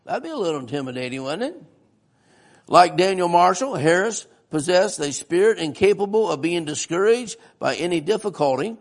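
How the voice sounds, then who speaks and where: A man's voice: high voice, very animated, moderate pace. A man preaching a sermon-style history lesson in a church, folksy and often asking the congregation questions.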